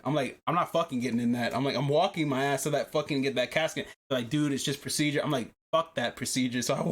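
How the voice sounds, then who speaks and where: A man hosting a casual podcast, telling a story with lots of swearing and laughing as he goes. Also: on the high side. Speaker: podcast host.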